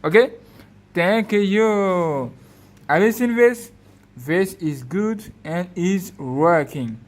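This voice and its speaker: Excitable man whooping at a phone demo. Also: sits high, extremely slow. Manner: speaks in short repeated commands. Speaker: tech video host.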